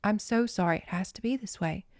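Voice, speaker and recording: A woman voicing a compassionate mother in a soft, tearful tone while reading a storybook. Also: medium pitch, normal speed, no echo, studio quality, close to an everyday voice. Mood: tender.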